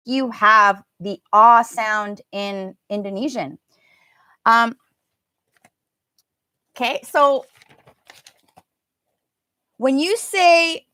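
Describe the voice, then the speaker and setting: A woman runs a live online English pronunciation lesson in a relaxed, chatty way. She draws out vowels slowly so learners can hear them. Her voice sits a little high with a bright edge, recorded dry and close. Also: dry recording. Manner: chatty, drawn-out demonstration of vowel sounds. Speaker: English teacher.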